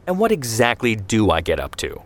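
A man's voice: lowish voice, huge pitch swings, brisk. A man reading the lines of a defiant twenty-year-old who answers sarcastically and defensively in an audio story. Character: hot-headed young man of twenty, defiant.

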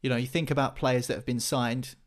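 A man's voice: mid-range voice, fairly even intonation, fairly quick. A man talking football as a podcast pundit, chatty, with many restarts and fillers. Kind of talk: casual football chat.

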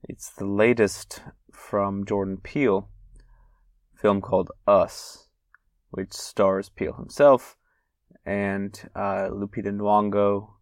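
A man's voice: lowish voice, flat delivery, slow pace, no room sound. A man hosting a solo podcast, reading old letters and anecdotes aloud with casual asides and fillers. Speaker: podcast host.

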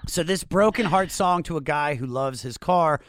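A man's voice: a little high, moderate pace, a bit bright. A man hosting a podcast, casually telling a rambling, profane story. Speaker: podcast host.

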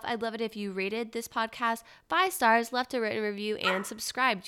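A woman's voice: medium pitch, fairly bright tone, clean tone. A young woman hosting her own podcast in casual solo chat, with uptalk and a valley girl way of speaking. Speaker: podcast host.

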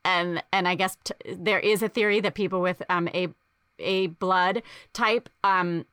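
A woman's voice: on the low side, steady tone, unhurried, a bit bright, clear, resonant tone, dry recording, clean studio sound. A woman hosting a casual conversation, chatty and full of fillers.

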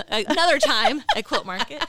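A woman's voice: high-pitched, expressive, normal speed, bright, forceful tone, slight background noise. A middle-aged woman, a guest on a podcast, telling stories in a chatty way and laughing often. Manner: chatty, laughing, acts out quoted voices. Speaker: guest quilter. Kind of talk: casual storytelling interview.

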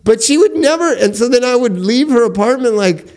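A man hosting a casual podcast chat, telling stories in an animated way and laughing often. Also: very high-pitched, a little fast. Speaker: podcast host.

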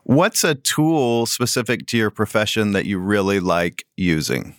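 A man's voice: fairly low pitch, measured pace, no room sound, studio quality. A man hosting an interview, asking light, curious questions. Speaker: podcast host.

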